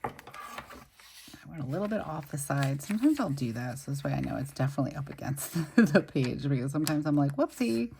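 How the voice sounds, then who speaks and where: This plan-with-me host speaks briskly in a very deep, gravelly voice with a dark tone, and a little hiss or hum sits under the recording. A young woman getting over a migraine, she chats casually and fawns over stickers while decorating her planner.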